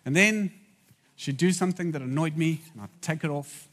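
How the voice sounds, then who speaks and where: A man delivers a sermon in a loose, chatty manner. His voice sits somewhat high, and he breaks off for quick asides to the crowd. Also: a bit bright. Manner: conversational, asides to the audience. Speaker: preacher.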